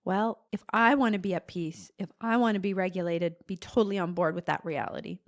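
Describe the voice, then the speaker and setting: A woman's voice: on the low side, fairly even intonation, brisk. A young adult woman hosting a casual solo podcast as a therapist, talking conversationally and acting out frustrated inner voices. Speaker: podcast host and ADHD therapist.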